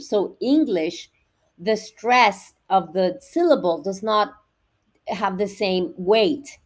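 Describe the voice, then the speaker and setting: Woman explaining at a measured pace. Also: medium pitch. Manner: measured, explanatory, with repeated restarts. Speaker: education researcher guest. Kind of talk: podcast interview, explaining.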